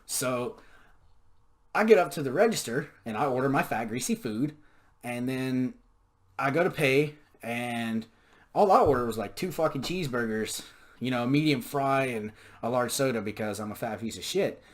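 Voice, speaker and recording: A man's voice: medium pitch, expressive, normal speed. A young man telling stories in a casual monologue, profane, sarcastic and ranting. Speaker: podcast storyteller.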